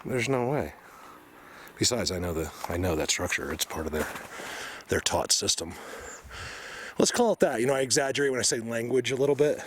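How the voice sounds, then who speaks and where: Man, mid-pitch, winded outdoor vlogger, insistent and excited, faint outdoor noise. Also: a little fast. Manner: excited, insistent, pointing things out. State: out of breath. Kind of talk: outdoor field vlog. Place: hillside forest outdoors.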